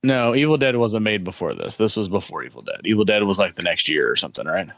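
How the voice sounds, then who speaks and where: Lower-voiced man chatting loudly about a movie. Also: expressive, fast talker, no room sound. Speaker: podcast co-host. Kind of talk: casual movie chat.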